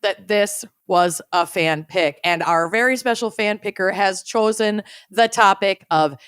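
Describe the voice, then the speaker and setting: A woman's voice: mid-range voice, measured pace, a bit bright, smooth, no echo, clean studio sound. A young adult woman co-hosting a casual true crime podcast, chatty and wry, often laughing as she talks. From Minnesota. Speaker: podcast co-host.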